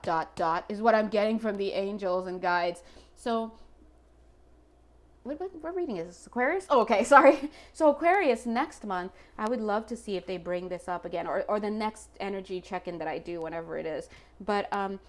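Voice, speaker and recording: A woman giving a casual tarot reading to her viewers, chatty and emotional, often checking in with "right?". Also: medium pitch. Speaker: tarot reader.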